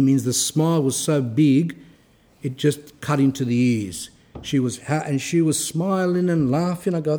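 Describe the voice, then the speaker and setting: A man's voice: fairly high pitch, moderate pace, mellow. A man giving an informal religious talk, telling anecdotes and acting out the dialogue. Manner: conversational storytelling, acts out dialogue.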